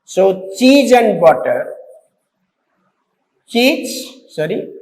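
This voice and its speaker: A man with a high voice teaches an exam-prep English lesson, going slowly and repeating phrases between fillers. He spells out words letter by letter. The sound is roomy, with a long reverb trailing each phrase. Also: very animated, darkish tone. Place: classroom. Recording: echoey room with long reverb.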